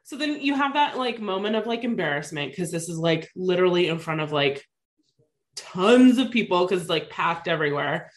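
A woman's voice: fairly low pitch, moderate pace. A woman in her thirties casually telling a personal story to a co-host, full of "like" fillers. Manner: chatty, lots of "like" fillers, animated retelling.

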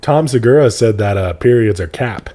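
Husky joking young man host. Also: mid-range voice, animated, normal speed, dark tone. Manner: joking, rambling, teasing. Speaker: podcast host. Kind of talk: casual podcast chat.

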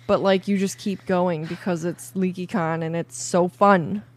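A young woman co-hosting a podcast, chatting casually, bubbly and quick to laugh. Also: on the low side, steady tone. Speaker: podcast co-host. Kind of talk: casual chat.

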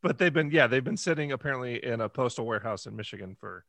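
A man's voice: medium pitch, expressive, fast, creaky, a bit bright, no room sound. A man co-hosting a comedy podcast, telling a story in casual chat with a self-deprecating, laughing manner. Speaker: podcast co-host.

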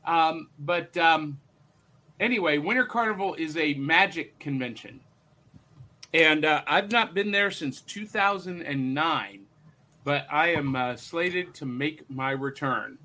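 A man with a high, strikingly bright voice hosts a casual group talk. He reads viewer comments aloud in a loose, easy way. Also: slow. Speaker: podcast host.

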